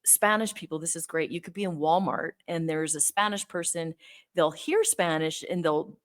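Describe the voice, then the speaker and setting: Earnest woman host, lowish voice. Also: normal speed. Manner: earnest, explaining points one by one. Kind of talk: explanatory talk to camera.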